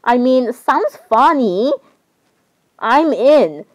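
A woman's voice: high voice, lively intonation, extremely slow, rough recording. A young woman chatting casually for a vlog, rambling and giggling while she interrupts herself. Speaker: vlogger. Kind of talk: casual chat over screen browsing.

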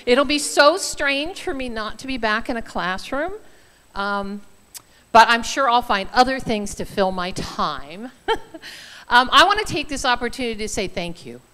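A woman's voice: a little high, lively intonation, a little slow, sharp tone. A woman in her sixties, a retiring teacher, giving an earnest, emotional speech at a school ceremony, choked up at times. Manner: earnest, emotional, laughs between lines. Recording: long reverb in a large hall.

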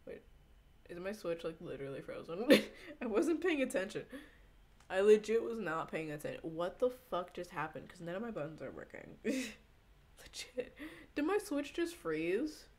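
A woman's voice: on the low side, big pitch swings, brisk, a little mellow. A young woman streaming casually, rambling, giggling often and swearing a lot as she chats to viewers. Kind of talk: casual live-stream chat.

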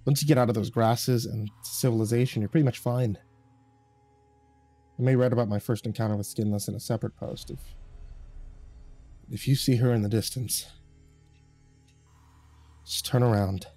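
A man reading a horror story aloud in a calm, measured storytelling voice. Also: medium pitch, faint music behind. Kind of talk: scripted horror narration.

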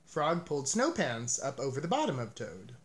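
A man reading a children's picture book aloud as narrator, with an expressive, animated delivery. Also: medium pitch, moderate pace.

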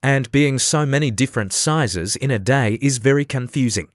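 A man's voice: medium pitch, moderate pace, no room sound, clean studio sound, close to an everyday voice. A man voicing a polite, shy young girl, reading her earnest lines in an audiobook.

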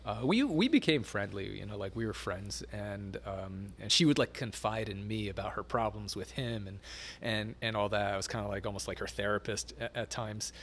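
A man's voice: lowish voice, normal speed, a bit bright, a little hiss or hum. A middle-aged man telling stories as an interview guest, rambling with many fillers and frequent laughter. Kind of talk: casual storytelling interview.

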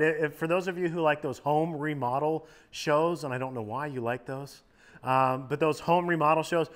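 A man who is a youth minister, giving a casual sermon in a lively, joking conversational way. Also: fairly high pitch. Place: church youth service.

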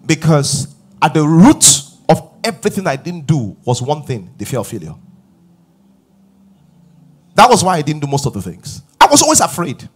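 A middle-aged man preaching a sermon as pastor, emphatic and rising to shouts. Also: on the high side, very animated, normal speed, long pauses, slightly rough.

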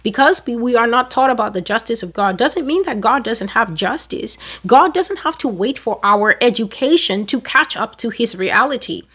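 A woman preaching a prophetic sermon, emphatic and rising to sudden loud peaks as she quotes God's words. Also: fairly high pitch, lively intonation, moderate pace, few pauses, breathy edge. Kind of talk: sermon-style prophetic teaching.

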